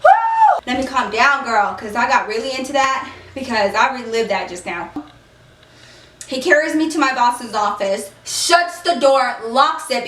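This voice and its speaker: A woman's voice: a little high, roomy sound, recorded from a distance. A young woman telling a heated story on her vlog, emphatic, with lots of "like" and "okay?" asides. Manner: emphatic, heated, acts out the scene, shouts quoted lines; frequent fillers and "okay?" asides. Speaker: vlogger.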